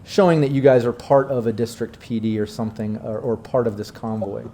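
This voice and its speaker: A man's voice: medium pitch, fairly even intonation, a little fast, warm tone, slight background noise. A man game master who narrates a tabletop game loosely and with a lot of fillers.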